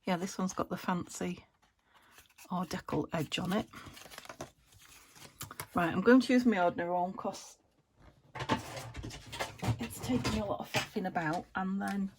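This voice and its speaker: A woman's voice: lowish voice, unhurried, long pauses, a little hiss or hum. A woman vlogging about her crafts, chatting casually and thinking aloud as she works, sometimes half-whispering. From United Kingdom. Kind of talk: casual crafting chat to camera.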